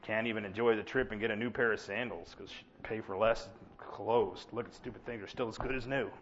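A man preaching a sermon in an animated, sarcastic, self-mocking way. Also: fairly low pitch, a little fast, a little hiss or hum. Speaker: pastor. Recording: dull lo-fi sound.

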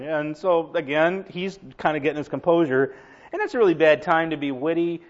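A male pastor telling a funny story in a sermon, animated and laughing, acting out the voices of the people in it. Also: a little high, normal speed. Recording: dull lo-fi recording.

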